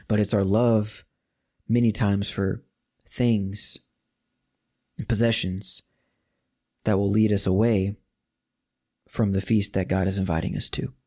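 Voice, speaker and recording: A young man preaches a sermon, and his pitch sits at an everyday, middle level. He slips into relaxed slang when he retells the scripture, talking like he would to friends. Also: unhurried, husky. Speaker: pastor.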